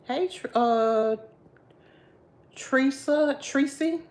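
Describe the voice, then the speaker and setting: A tired woman hosting a casual livestream, greeting viewers by name in a playful, sing-song way. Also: high voice. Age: has a grown daughter. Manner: sings out greetings, drawn-out and playful. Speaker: livestream host.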